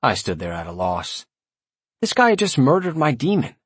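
A man narrating a first-person story in a wry, sardonic tone, with a husky voice. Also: medium pitch, huge pitch swings, normal speed, dry recording. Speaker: audiobook narrator.

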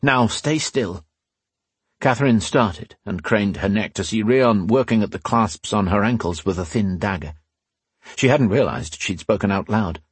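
A male audiobook narrator reads fantasy prose in a measured, dramatic way. His voice is low and husky. The close mic gives a dry, roomless sound. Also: no room sound.

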